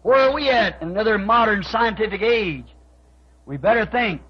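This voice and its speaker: A man preaching a sermon, telling stories and acting out conversations, with his voice climbing to shouts. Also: sits high, animated, normal speed, breathy edge. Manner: storytelling, quoting both sides of conversations, rising to shouts. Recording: dull lo-fi archive tape recording.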